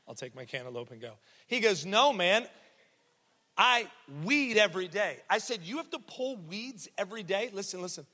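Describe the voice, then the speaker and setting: A man's voice: fairly high pitch, pushed and bright. A young man preaching a sermon in a church, telling a story in a casual, joking way with asides to the crowd. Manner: conversational storytelling with laughs and asides. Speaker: pastor. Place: church sanctuary. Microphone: handheld or headset mic. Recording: long hall reverb in a church.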